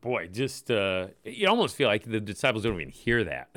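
A man's voice: lowish voice, sing-song, normal speed, fairly bright tone. A man co-hosting a Bible-study radio show, talking through scripture in an easygoing way, thinking aloud. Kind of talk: conversational Bible discussion.

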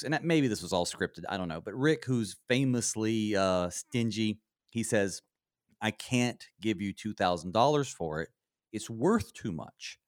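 A man hosting a radio Bible study, reading scripture and chatting over it in a low voice. He tells stories expressively, his pitch ranging widely, and laughs freely. The studio recording is dry and close. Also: dry recording. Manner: expressive storyteller, laughs often. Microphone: studio mic.

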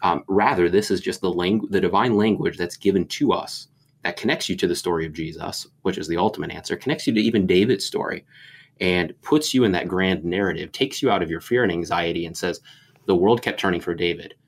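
A man's voice: low-pitched, fairly quick. A man, a pastor, discussing scripture in a reflective, meandering way with many fillers. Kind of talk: conversational Bible discussion.

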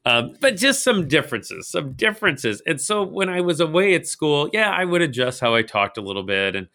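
Lively chatty man from St. Louis. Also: fairly high pitch, normal speed. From St. Louis, Missouri. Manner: chatty, laughs often, many restarts. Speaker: podcast co-host. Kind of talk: casual Bible podcast chat.

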